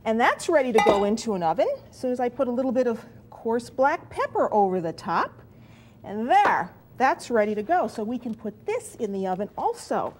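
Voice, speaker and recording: A woman's voice: on the high side, big pitch swings, normal speed, a little mellow. A middle-aged woman hosting a cooking show, chatty and enthusiastic as she talks viewers through each step in a studio kitchen. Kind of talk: cooking demonstration.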